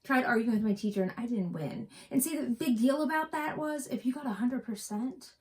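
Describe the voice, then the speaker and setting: A woman's voice: fairly high pitch, a little fast, a little mellow. A middle-aged woman from West Virginia co-hosting a cross-stitch vlog, chatting and telling rambling stories. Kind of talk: casual chat.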